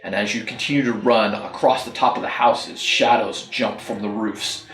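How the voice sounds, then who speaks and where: A man's voice: on the low side, steady tone, normal speed, a bit bright, echoey room, rough recording. A man running a tabletop game as dungeon master, narrating loosely with many ums and likes. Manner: rambling, filler-heavy narration.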